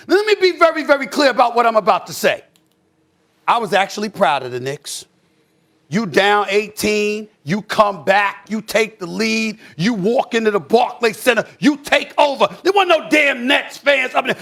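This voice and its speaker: A man hosting a sports debate show, talking. His voice sits very high for a man, and he rants with real heat, breaking into shouts. The delivery is animated and emphatic throughout. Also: normal speed, husky. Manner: loud, animated ranting with shouted bursts. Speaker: sports talk show host. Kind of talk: heated sports commentary.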